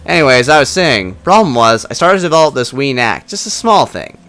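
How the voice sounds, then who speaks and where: A man voicing a tough, friendly Irish woman who used to be a ranger, in a rough, attempted Irish accent, chatting casually. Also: mid-range voice, big pitch swings, brisk, a bit bright. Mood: chatty.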